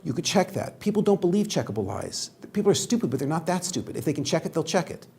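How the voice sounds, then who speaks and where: A man lecturing as a rabbi to students, animated and joking, firing rhetorical questions at the room. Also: on the high side, quick pace, vocal fry. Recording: very echoey room, mic at a distance, faint background hum.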